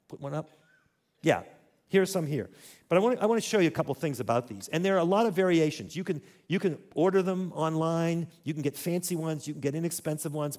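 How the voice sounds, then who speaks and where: A man's voice: a little high, a little mellow. A man teaching a church audience in a conversational way, asking them to repeat words after him. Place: church hall.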